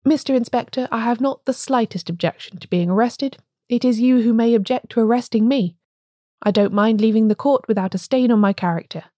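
A grim, fanatical village blacksmith of a storybook, put on by a woman reader. He speaks with calm, ponderous solemnity in a warm, mellow tone. The recording is close and dry. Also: on the high side, fairly quick, no echo, natural voice.

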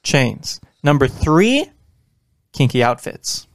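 A man's voice: medium pitch, sing-song, slow. A man co-hosting a casual comedy podcast, who laughs often and trips over his words. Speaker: podcast co-host. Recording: dry close-miked sound.

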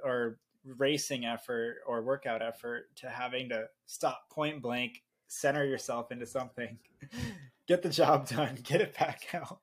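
Relaxed man chatting on a podcast. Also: mid-range voice, unhurried. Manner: relaxed, laughs along. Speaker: podcast co-host. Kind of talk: casual chat.

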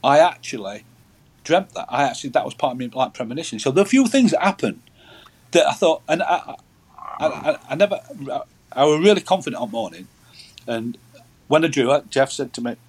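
A man's voice: fairly high pitch, lively intonation, fairly quick, slightly rough. A man, telling rambling stories as a guest in a casual chat, often repeating words. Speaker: guest angler.

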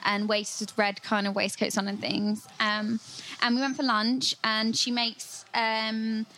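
A woman's voice: fairly high pitch, little pitch movement, slow, pushed and bright, a little hiss or hum. A woman chatting as a podcast guest, talking in a chatty way with lots of fillers and giggles. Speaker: magazine web assistant, guest. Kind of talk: casual podcast chat.

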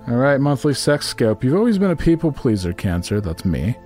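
A man's voice: mid-range voice, big pitch swings, fairly quick, mellow, faint music behind. A man co-hosting a crude comedy podcast, bantering and stumbling over his words as he reads aloud. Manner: stumbling, restarts mid-sentence when reading aloud. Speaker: podcast co-host.

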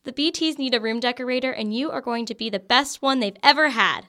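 A young woman acting a college student who lives in a frat house, quick to bicker, in an audio drama. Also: fairly high pitch, pushed and bright. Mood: lively. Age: young adult.

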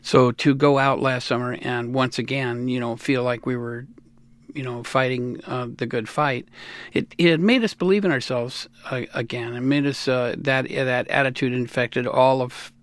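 A man in his sixties from the United States, a musician guest in an interview, talking in a rambling, animated way and laughing often. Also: mid-range voice, normal speed, no echo. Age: 60s. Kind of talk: casual interview talk.

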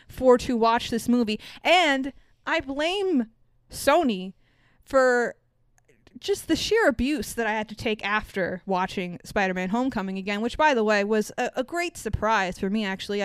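A woman's voice: on the high side, smooth, no room sound. A woman co-hosting a podcast, chatting casually and swearing freely as she tells a story with mocking quoted voices. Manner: profane, animated storytelling with mock quotes. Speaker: podcast co-host. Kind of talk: casual chat.

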